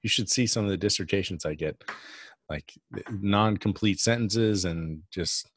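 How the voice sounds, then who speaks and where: Low-voiced rambling man co-hosting a podcast. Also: a little slow, husky, no room sound. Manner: rambling and giggly, with restarts. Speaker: podcast co-host. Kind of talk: casual chat.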